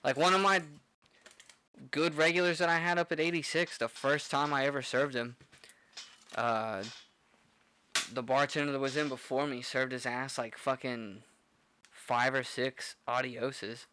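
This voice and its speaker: Young male bartender, foul-mouthed rambling storyteller, bright voice. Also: mid-range voice, steady tone, measured pace, long pauses, slight background noise. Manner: profane, rambling with many "like" fillers. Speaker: podcast co-host, bartender. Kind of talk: casual storytelling chat.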